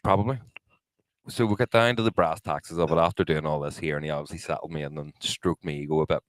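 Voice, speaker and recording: Very deep guy, swears loads, acts out what people said, dry close mic. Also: fairly even intonation, quick pace, no echo, low-quality recording. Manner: swears a lot, acts out quotes, laughs often. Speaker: podcast co-host. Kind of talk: casual storytelling chat.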